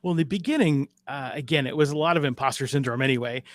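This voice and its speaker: A middle-aged man from Alaska talks casually as a podcast guest, a dispatch trainer in his element. His voice sits at an ordinary pitch, loose and self-deprecating, padded with fillers. The sound is dry and close, with no room around it. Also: fast talker, no echo. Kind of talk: casual interview chat.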